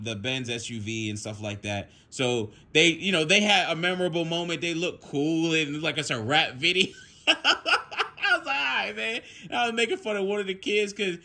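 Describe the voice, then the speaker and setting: A young man talks straight to the camera in a casual vlog from his home. His voice sits a bit high and sounds bright and forceful. He tells his story in an animated way, laughing often and swearing freely. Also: brisk, hardly any pauses. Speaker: vlogger.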